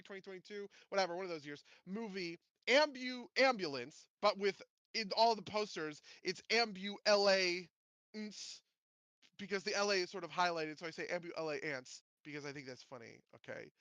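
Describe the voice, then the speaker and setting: A man hosting a podcast, chatting casually about movies in a rambling, animated way with many restarts. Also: high-pitched, no room sound, low-quality recording. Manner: rambling, animated, self-interrupting. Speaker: podcast host.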